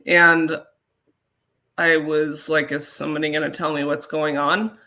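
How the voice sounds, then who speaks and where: A woman from Colorado telling a personal story as an interview guest, halting and earnest, with many fillers. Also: low voice, little pitch movement, sharp tone. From Colorado, USA.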